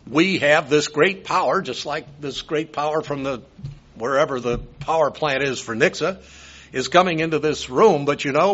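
An older man preaches a sermon, wandering into folksy personal asides. His voice sits a little high for a man. The recording is dull and lo-fi. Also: a bit bright, slightly rough. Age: 70s. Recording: dull lo-fi sound.

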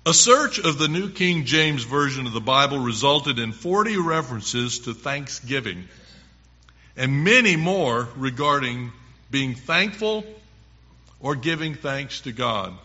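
Slow, emphatic male preacher. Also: medium pitch, animated, bright, forceful tone, lo-fi sound. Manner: slow, emphatic reading of verses. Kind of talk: sermon with scripture reading.

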